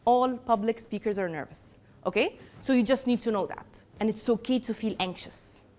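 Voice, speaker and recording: An Egyptian woman lectures in a classroom, lively and playful with her students. Her voice sits a little high. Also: normal speed. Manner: lively, mixes Arabic and English, teasing. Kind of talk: classroom lesson.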